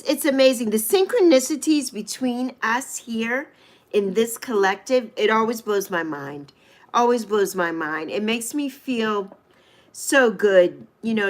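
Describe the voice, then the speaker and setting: A middle-aged woman hosts a casual live chat, her voice sitting a little high. She talks at an unhurried pace, emotional and affirming, greeting viewers and speaking of spiritual connection. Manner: emotional, slow and heartfelt, reads viewers' names. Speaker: livestream host.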